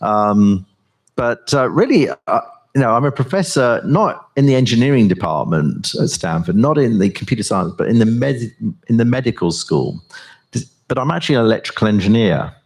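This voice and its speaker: An older man, a professor, giving a conference talk and then chatting onstage, with halting speech full of fillers and restarts. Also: medium pitch, animated, a little mellow. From England.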